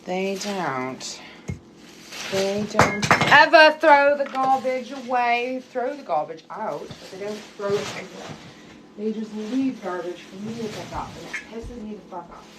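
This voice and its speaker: A woman's voice: medium pitch, lively intonation, measured pace. Middle-aged woman, casual vlog, frustrated venting, swearing, phone audio, noisy background. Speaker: vlogger. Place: home kitchen.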